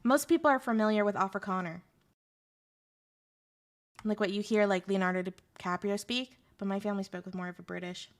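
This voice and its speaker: A woman's voice: mid-range voice, a little fast, long pauses. A young woman streamer chatting casually with her audience, sarcastic and joking as she answers chat.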